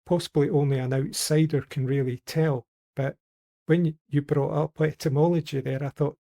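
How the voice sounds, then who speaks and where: Gravelly Scottish man, dark voice. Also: on the high side, fairly even intonation, normal speed. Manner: rambling, anecdotal. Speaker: podcast regular. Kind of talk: casual group chat.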